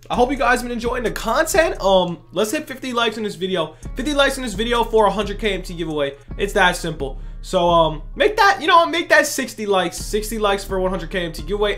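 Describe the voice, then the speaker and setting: Excitable young man doing gaming commentary. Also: sits high. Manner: excitable, slangy, exclaiming in disbelief. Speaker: gaming YouTuber. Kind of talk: pack-opening gameplay commentary.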